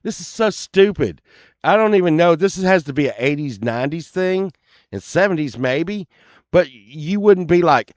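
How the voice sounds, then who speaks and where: A man's voice: on the high side, expressive, normal speed, no echo, studio quality. A man telling a story casually, rambling and cursing often, laughing at himself as he goes.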